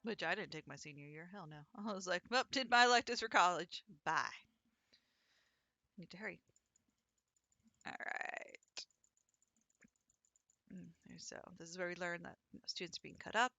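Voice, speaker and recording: Bright-voiced chatty woman streamer. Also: fairly low pitch, moderate pace, creaky, pauses often, no echo. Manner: chatty, rambling anecdotes with acted quotes. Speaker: let's play streamer. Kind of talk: casual gameplay commentary.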